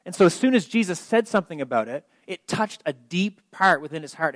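A man preaches in a relaxed, conversational way, often restarting a phrase and pushing hard on key points. He asks his listeners direct questions as he goes. His voice sits a little high for a man and is recorded dry and close, with no room sound. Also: a little fast, hardly any pauses, no room sound. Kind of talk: informal sermon.

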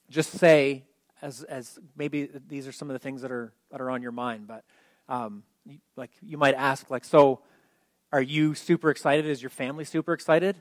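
A man's voice: medium pitch, unhurried, no room sound. A male pastor telling a personal story during a sermon, in an earnest, conversational way with frequent restarts.

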